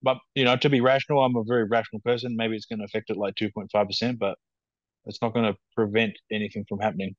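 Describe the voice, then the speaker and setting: Low, flat-voiced New Zealand man. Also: dry recording. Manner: calm, measured, matter-of-fact. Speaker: guest. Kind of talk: casual interview chat. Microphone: video call. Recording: dull dry video call audio.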